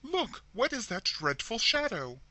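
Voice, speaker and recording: A man's voice: very high-pitched, wildly swooping pitch, measured pace, sharp tone, no echo, voice pushed up, full character voice. A man voicing a placid, fussy middle-aged woman who becomes horror-struck and shrieks. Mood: shrieking. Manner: fussy, then shrieking in alarm.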